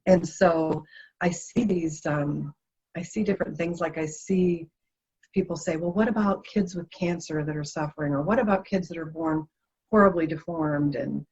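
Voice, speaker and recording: A woman, an interview guest, telling stories in a lively, expressive way. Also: deep voice, normal speed, slightly rough. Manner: animated, lively storyteller. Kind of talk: expressive storytelling. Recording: dull lo-fi sound.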